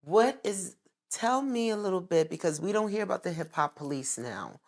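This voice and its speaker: A woman's voice: lowish voice, very animated, normal speed. A woman from New York hosting a casual interview, who affirms her guest often as he talks.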